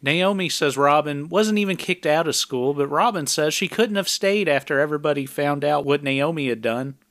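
A man with a somewhat higher voice talks through a film's plot in a relaxed podcast recap. His delivery is plain and conversational, with dry little asides. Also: normal speed, dry recording. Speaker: podcast co-host recapping a film. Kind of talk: casual recap narration.

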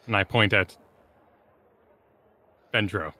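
A man playing a tabletop game, delivering dry, deadpan lines in character. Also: mid-range voice, normal speed, no room sound. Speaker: player.

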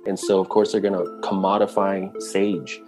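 A man talking earnestly and conversationally, often restarting his sentences. His voice sits somewhat low, with an easy, spoken rhythm. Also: completely flat delivery, normal speed, music in the background. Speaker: speaker on indigenous culture. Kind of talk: casual talk.

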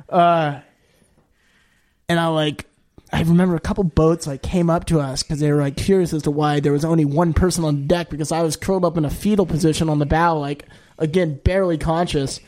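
Male podcast guest, somewhat high voice, chatty rambling storyteller. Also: brisk. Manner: rambling and animated, heavy use of "like", jumps to high-pitched quoted voices. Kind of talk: casual storytelling.

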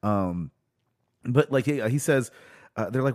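A man's voice: mid-range voice, lively intonation, moderate pace, a little mellow. A man co-hosting a podcast, recapping a TV episode in casual chat, rambling with stammering restarts and frequent laughs. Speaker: podcast co-host.

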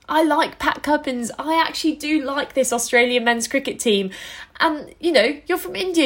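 A woman's voice: high-pitched, a bit bright. A woman co-hosting a casual podcast, chatty and teasing. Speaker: podcast co-host.

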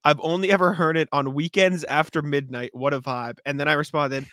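Animated, laughing young podcast host. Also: male voice, on the high side, fairly quick, no room sound. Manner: animated, laughing storyteller, swears freely. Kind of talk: casual chat.

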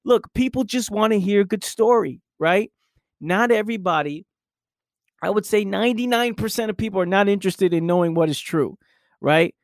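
A man's voice: high-pitched, normal speed, no echo, studio quality. A young man hosting a solo podcast, talking casually and reflectively, with "right?" tagged onto his points. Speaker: podcast host.

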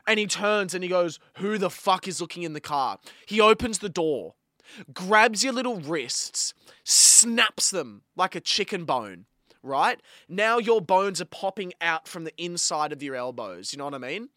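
Man, Australian accent, podcast co-host, profane rant, lively pitch, dry recording. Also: measured pace, no echo. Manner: animated, profane ranting. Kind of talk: casual chat.

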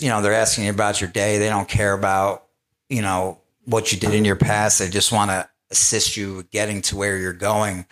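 A man's voice: fairly low pitch, fairly bright tone. A man speaking as a guest on a live panel, telling his own story candidly, with laughter and quoted asides.

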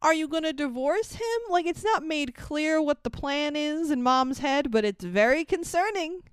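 A woman co-hosting a casual podcast, recapping a movie in an animated way, swearing freely and acting out lines. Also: sits high, normal speed, no room sound. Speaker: podcast co-host.

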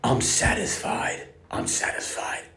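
A man voicing a dismissive male border guard who hedges and stammers as he backpedals. It is a quick impression in the middle of a comedy story. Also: sharp tone, roomy sound, whispered. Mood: smug.

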